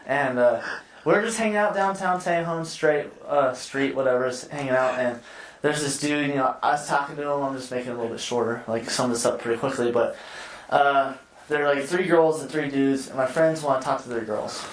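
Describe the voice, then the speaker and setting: A man's voice: medium pitch, fairly quick, echoey room, distant mic, low-quality recording. Rambling, swearing young man telling a story. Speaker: podcast host. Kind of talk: casual storytelling chat.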